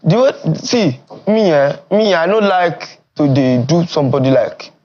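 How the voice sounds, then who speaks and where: A young man with a Nigerian Pidgin English accent talks in a fairly high voice that often jumps up and gets loud. The animated, casual talk sounds a little dull and muffled, like TV studio audio. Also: a little slow. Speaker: streamer and content creator.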